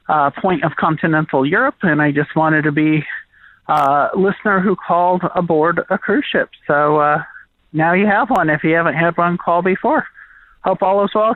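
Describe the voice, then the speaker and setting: A man from San Diego, California, leaving a friendly, upbeat voice message as a caller. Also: a little high. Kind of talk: voice message call-in. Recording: tinny phone line.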